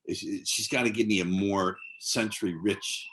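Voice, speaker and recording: A man in his sixties giving casual instruction as a dating coach from a side room at home, blunt and profane, slowing into a hypnotic cadence for his examples. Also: fairly low pitch, steady tone, fairly bright tone, a little hiss or hum. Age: 60s.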